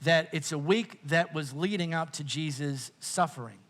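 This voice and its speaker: Chatty Australian pastor, fairly high voice. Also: male voice, a bit bright. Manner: conversational and jokey, with quick restarts. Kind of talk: sermon.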